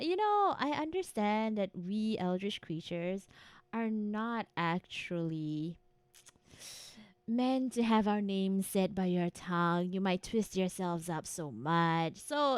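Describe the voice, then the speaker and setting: A woman's voice: medium pitch, smooth, dry recording. Giggly, playful young woman streamer. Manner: playful, giggly, teasing in a mock-menacing eldritch persona. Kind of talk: casual live-stream chat with chat.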